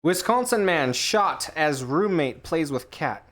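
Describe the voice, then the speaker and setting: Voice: mid-range voice, animated, takes it slowly, fairly bright tone. A podcast co-host reading news headlines aloud in a casual, profane, joking chat. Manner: playful, profane, acts out scenes in funny voices.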